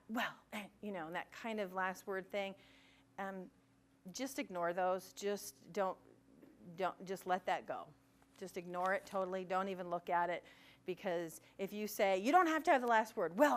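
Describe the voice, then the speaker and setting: A middle-aged woman presenting a parent workshop in a conversational way, acting out bits of dialogue. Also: a little high. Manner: conversational, acts out quoted dialogue. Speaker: gifted education administrator presenting to parents. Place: school meeting room.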